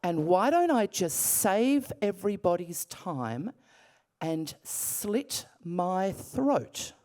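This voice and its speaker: A middle-aged Australian woman retelling a personal story in an animated, breathless way, full of restarts. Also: fairly low pitch, extremely slow. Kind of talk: casual spoken storytelling.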